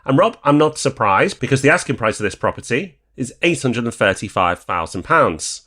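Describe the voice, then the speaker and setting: A man from northern England co-hosting a property podcast, calmly weighing up investment deals. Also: medium pitch. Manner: measured, weighing pros and cons aloud. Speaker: podcast co-host. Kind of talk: casual podcast discussion.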